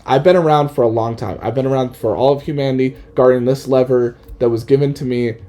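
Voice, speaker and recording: A man's voice: mid-range voice, fairly even intonation, quick pace, dark tone, lightly acted. A man voicing an ancient male blue rattlesnake who guards a lever, in a theatrical, grandiose way. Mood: weary. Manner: grandiose, dramatic announcer-like delivery. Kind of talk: comedic storytelling with put-on voices.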